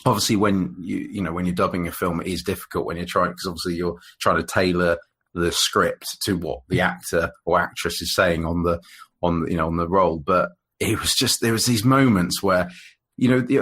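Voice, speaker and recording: Low-pitched, slightly bright, and husky, a man co-hosting a podcast chats loosely about an old monster movie. He keeps restarting and using fillers, laughing frequently as the casual review wanders.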